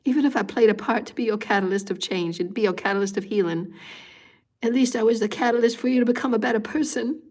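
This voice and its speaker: A woman's voice: a little high, quick pace, a little mellow. A woman hosting a live meditation and giving an intense spiritual talk. She repeats phrases in a pleading way and sometimes drops to a whisper.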